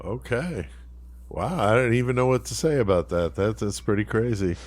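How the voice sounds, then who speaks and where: A podcast host in relaxed, easygoing chat. His voice sits a bit low and stays loose and unhurried. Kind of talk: casual chat.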